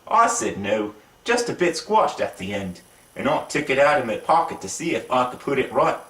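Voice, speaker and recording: A man's voice: medium pitch, normal speed, echoey room, distant mic. A man reading a children's story aloud in a put-on British accent, voicing each character as he goes. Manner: lively, voices the characters. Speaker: reader of a children's book.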